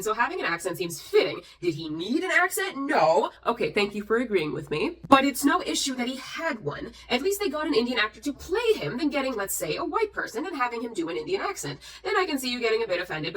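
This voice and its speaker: Tipsy, sarcastic woman with a lively bright voice. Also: mid-range voice, recorded from a distance. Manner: sarcastic, reads comments aloud with mocking asides. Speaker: YouTuber reacting to comments. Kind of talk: casual vlog commentary.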